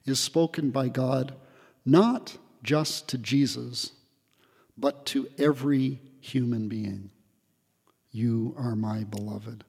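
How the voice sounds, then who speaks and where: A man giving a spiritual retreat talk in a hall, reflective and gently humorous, pausing often with fillers. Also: mid-range voice, vocal fry. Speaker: retreat speaker.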